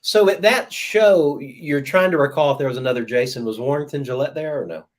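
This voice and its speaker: A man speaking as a guest in a casual interview, relaxed, often trailing off softly at the end of a phrase. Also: a little high, a little fast. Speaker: guest horror writer.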